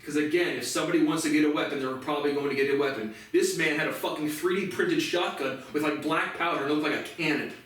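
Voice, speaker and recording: A man's voice: a little high, quick pace, hardly any pauses, fairly bright tone. A man hosting a casual news commentary, ranting sarcastically and swearing a lot. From United States. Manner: profane, sarcastic ranting with laughs. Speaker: commentary show host. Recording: echoey room, mic far off.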